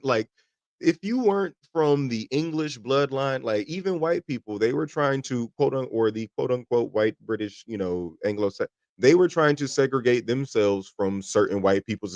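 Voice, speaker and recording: Emphatic, animated man in dry sound. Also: mid-range voice, dry recording. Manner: animated, emphatic, swears freely. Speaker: podcast co-host. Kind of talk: casual panel discussion.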